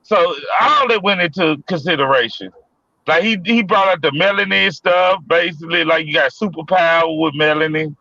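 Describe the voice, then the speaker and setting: A man's voice: a little high, moderate pace, pushed and bright, no echo, lo-fi sound. A man on a debate panel, talking loosely and repeating himself as he makes his point. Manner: loose, repetitive, restarts often. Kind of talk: casual debate chat.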